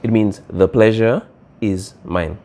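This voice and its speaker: A Spanish teacher with a dark, lowish voice speaks slowly while running a language class. He explains patiently, repeats key points, and often checks in by asking "all right?"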